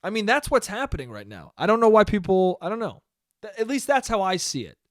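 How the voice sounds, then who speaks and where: A man's voice: high-pitched, sing-song, brisk, no room sound, studio quality. A young man hosting a solo podcast in a casual, rambling, profane and self-deprecating way. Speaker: podcast host.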